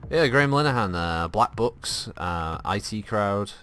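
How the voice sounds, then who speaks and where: Deep-voiced rambling game streamer. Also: male voice, lively intonation, measured pace, sharp tone, faint music behind. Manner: rambling, swears casually, many fillers. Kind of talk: casual gameplay commentary.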